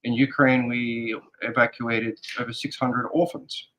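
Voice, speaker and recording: An earnest man answers as an interview guest, working through his thoughts in halting pieces and restarts. His pitch sits in the middle for a man, and his delivery stays conversational and sincere. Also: level tone, a bit bright, low-quality recording. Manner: halting, earnest, thinks aloud in fragments. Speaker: guest, security advisor. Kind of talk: casual interview talk.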